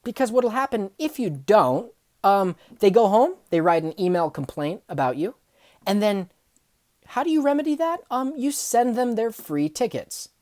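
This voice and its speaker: A young woman telling funny workplace stories, acting out the people in them and swinging from hushed asides to loud outbursts. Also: medium pitch, moderate pace, no room sound, studio quality. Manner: animated, acts out dialogue, swings from hushed to yelling. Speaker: storyteller. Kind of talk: comedic storytelling vlog.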